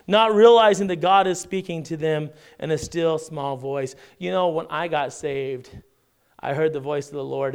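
Guy preaching a sermon, kinda high voice, chatty, goes loud then real quiet. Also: clear, resonant tone. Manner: dramatic swings from loud emphasis to hushed near-whisper; conversational, asks the congregation "right?". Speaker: pastor.

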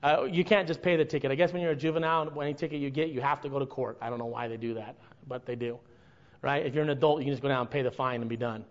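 A man preaching a sermon to his congregation, earnest and building to impassioned, drawn-out emphasis. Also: medium pitch, steady tone, lo-fi sound. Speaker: pastor.

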